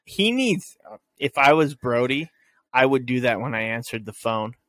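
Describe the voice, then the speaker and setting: A man co-hosting a podcast in casual banter, teasing his partner and quick to laugh. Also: medium pitch, expressive, a bit bright, dry recording. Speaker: podcast co-host.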